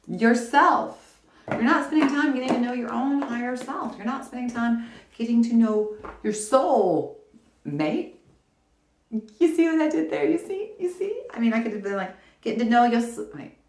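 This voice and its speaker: A woman tarot reader with a lowish voice, talking animatedly and encouragingly straight to the viewer in a casual reading. Her voice rings in a roomy, echoey space. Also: slight background noise. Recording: roomy echo.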